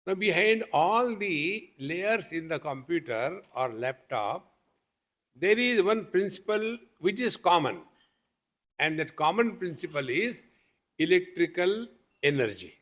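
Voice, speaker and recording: A man's voice: high voice, sing-song, a little slow, a bit bright. A man who is a swami teaching at a meditation retreat, giving a patient spiritual discourse with homely examples, questions to the listeners and light humor.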